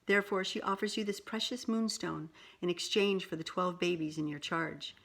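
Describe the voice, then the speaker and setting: A woman's voice: lowish voice, moderate pace, vocal fry, a bit bright. A woman reading a formal young messenger.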